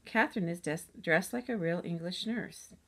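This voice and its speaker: A cheerful, playful young girl from a children's storybook, voiced lightly by a woman reading aloud. She speaks eagerly and likes to joke, in a slightly low voice. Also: normal speed, fairly bright tone.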